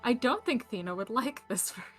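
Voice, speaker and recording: A woman's voice: fairly high pitch, expressive, a little fast, faint music behind. Blunt woman player chatting. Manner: blunt, exasperated. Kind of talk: casual tabletop chat.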